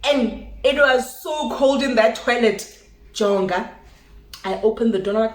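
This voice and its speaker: A young woman with a South African accent tells a personal story in animated, casual chat. Her voice sits a little high. The room around her gives it an echoey ring. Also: moderate pace. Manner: animated storytelling, switching languages, acts out dialogue. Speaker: vlogger.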